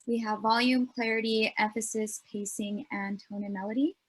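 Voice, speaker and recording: A young woman leads a speech workshop with an earnest, explanatory delivery. She fills her pauses with ums, and her voice sits a bit higher than most. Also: steady tone. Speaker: student workshop presenter.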